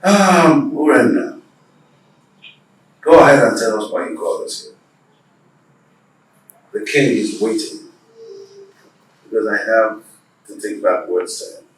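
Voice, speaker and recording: Casting: a Nigerian elder, lowish, slow, echoey distant room. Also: male voice, animated. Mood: questioning. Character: village elder mediating a dispute. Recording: echoey room, distant mic, faint noise.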